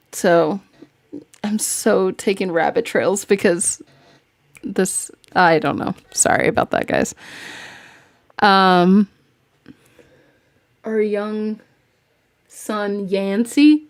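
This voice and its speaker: A woman's voice: medium pitch, drawn-out words, long pauses, no room sound. A woman hosting a podcast in casual chat, giggling often and rambling as she talks. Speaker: podcast host.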